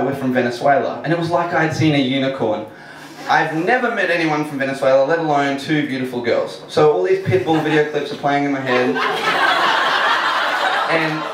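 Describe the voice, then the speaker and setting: A man's voice: fairly high pitch, a little hiss or hum. Man, live storyteller, self-mocking, laughing often, very echoey hall, heard from a distance. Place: live storytelling venue with audience. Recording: echoey hall, mic far off.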